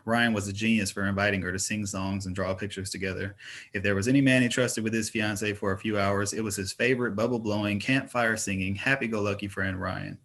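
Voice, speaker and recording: Brief: male narrator, fantasy audiobook, steady even read. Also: lowish voice. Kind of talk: audiobook reading of fantasy fiction.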